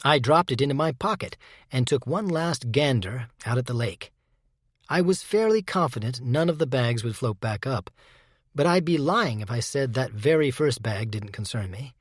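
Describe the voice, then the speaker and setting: A male narrator reads a first-person audiobook in a measured, even way, with a dark undertone. His voice sits at an ordinary pitch. The recording is close and dry, with no room sound. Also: dry recording.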